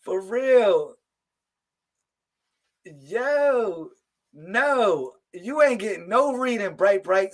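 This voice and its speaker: A man hosting a casual live stream of psychic readings, talking loud and slangy, laughing and calling out to viewers. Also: sits high, lively intonation, drawn-out words, pauses often. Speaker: livestream host giving psychic readings.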